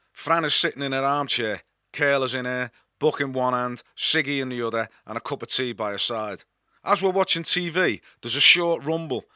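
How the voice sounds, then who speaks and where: A man with a Scouse accent reads aloud from his own memoir. His voice is bright and forward, and his delivery is wry and dry-humoured. The recording is close and dead dry. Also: mid-range voice, no echo. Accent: Liverpool (Scouse). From Liverpool, England. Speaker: author and narrator. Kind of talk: memoir reading.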